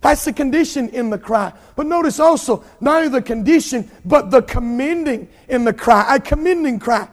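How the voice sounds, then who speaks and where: A pastor preaching an impassioned sermon, drawing out emphatic lines and rising to shouts. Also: male voice, very high voice, lively intonation, moderate pace, hardly any pauses, in a large hall.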